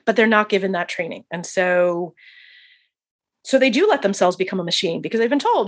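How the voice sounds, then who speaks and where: Woman chaplain guest, husky, animated storyteller, laughs easily. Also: medium pitch, a little fast. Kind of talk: casual podcast interview.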